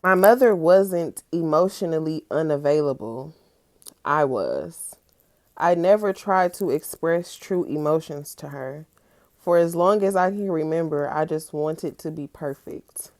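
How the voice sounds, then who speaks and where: A woman's voice: sits low, unhurried. A young woman talking candidly in a personal vlog, reading from her notes and reacting with emphatic outbursts. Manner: candid, emphatic, swinging from musing to excited outbursts. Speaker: vlogger.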